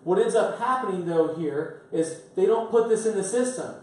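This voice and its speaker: A man's voice: high-pitched, moderate pace. Emphatic male coach in an echoey room. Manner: emphatic, blunt and energetic. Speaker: business coach. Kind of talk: training seminar. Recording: echoey room from far off, faint noise.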